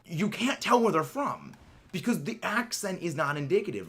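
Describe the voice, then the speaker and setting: Male streamer, casual and rambling, restarts often, animated intonation, music low in the background. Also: brisk. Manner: rambling, musing, many fillers and restarts. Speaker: livestreamer. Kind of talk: casual chat while gaming.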